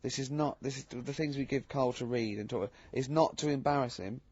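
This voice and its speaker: Male radio host, mid-pitched, halting and teasing, dull lo-fi studio sound, dry. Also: darkish tone, breathy edge, no room sound. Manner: halting, teasing, bursts into high laughter. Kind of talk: casual radio banter.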